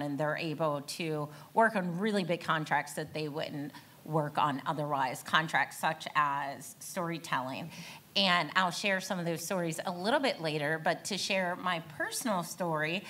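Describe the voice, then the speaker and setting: A woman on a panel speaking as a storyteller and founder, in a lively, self-aware way. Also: low voice. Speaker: panelist, founder of an advocacy group. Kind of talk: panel talk.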